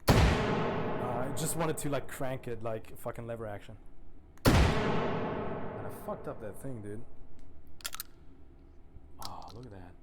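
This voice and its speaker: A relaxed young man chatting through a shooter game stream, cursing casually and chuckling at what he sees. His voice sits at an ordinary pitch, with clear noise running behind him throughout. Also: slow, pauses often. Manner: laid-back, swears a lot, laughs often. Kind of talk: casual gameplay commentary.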